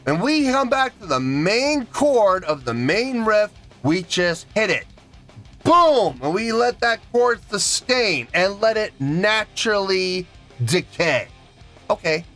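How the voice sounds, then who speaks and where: A man's voice: high voice, fairly bright tone. A man reviewing a song in an emphatic, indignant rant, counting out beats aloud. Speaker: music reaction reviewer.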